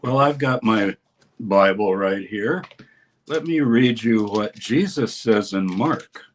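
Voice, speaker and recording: A man speaking as a guest scholar in an interview, explaining a text with lively emphasis and reading passages aloud. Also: on the low side, takes it slowly. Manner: animated, reads scripture aloud with dramatic emphasis. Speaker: scholar and course teacher, guest.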